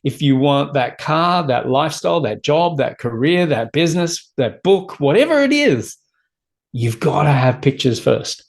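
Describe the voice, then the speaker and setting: A man's voice: a little high, sing-song, normal speed, vocal fry. A man, a personal development coach talking as an interview guest in an emphatic, motivational way, building points through repeated lists.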